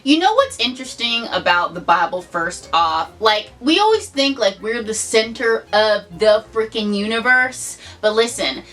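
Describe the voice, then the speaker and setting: A young woman vlogging to camera in a casual, sarcastic, animated way, swearing and saying "like" a lot. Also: a little high, measured pace, hardly any pauses, far from the mic.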